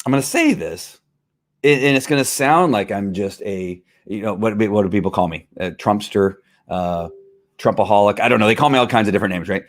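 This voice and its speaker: A man's voice: lowish voice, a little fast. A man hosting a podcast, talking in heated, rambling political commentary, full of restarts and worked-up outbursts. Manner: fired-up, rambling, with frequent restarts. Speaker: podcast host.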